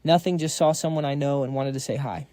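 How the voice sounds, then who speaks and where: A man's voice: medium pitch, fairly even intonation, fairly quick, dark tone, no echo, clean studio sound, natural voice. A man voicing a jealous, scheming young man, a petty rival with a whiny, spiteful way of talking.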